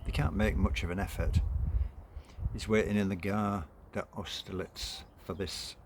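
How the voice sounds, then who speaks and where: A man's voice: deep voice, steady tone, measured pace, noisy background. A man casually retelling and reading a novel, chatty and hesitant with personal asides. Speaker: book reader.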